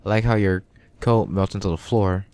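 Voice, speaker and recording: A man's voice: low-pitched, normal speed, darkish tone, smooth, no room sound. A man casually reading a game aloud, joking and tripping over words. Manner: chatty, joking, stumbles on words. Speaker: reader of a game.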